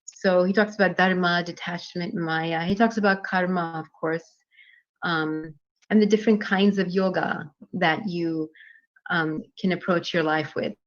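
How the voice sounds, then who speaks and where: A woman with a fairly low voice tells myths to a class, chatty and informal, often stopping to restart a phrase. The sound is dull and lo-fi. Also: steady tone, a little slow. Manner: conversational with many fillers and restarts. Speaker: dance teacher. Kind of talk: storytelling in a class.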